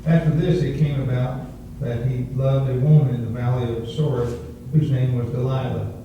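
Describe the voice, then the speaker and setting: A man's voice: medium pitch, flat delivery, normal speed, dark tone. Man reading scripture from across a hall. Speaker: congregant reading scripture aloud. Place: church sanctuary. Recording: distant voice in echoey church, lo-fi, faint hum.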